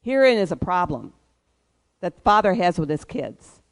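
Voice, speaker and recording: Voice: mid-range voice, sing-song, normal speed. A pastor preaching a sermon, emphatic and leading the congregation in call-and-response.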